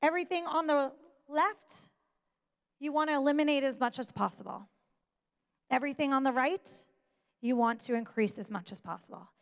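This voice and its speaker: Speaking from a stage in a high register with vocal fry, a woman gives a motivational talk. She's deliberate and emphatic, pausing so key points land, while a long reverb trails each phrase as in a large hall.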